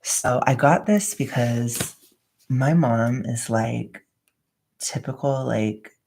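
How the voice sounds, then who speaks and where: Very deep gravelly young woman vlogger. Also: slow. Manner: rambling, soft-spoken to keep quiet. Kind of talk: casual chat while wrapping gifts.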